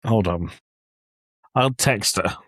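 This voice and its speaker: Joking English man, low and dry. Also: takes it slowly, a bit bright, breathy edge, no echo. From England. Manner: joking, storytelling, laughs often. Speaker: podcast co-host. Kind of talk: casual chat. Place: home office.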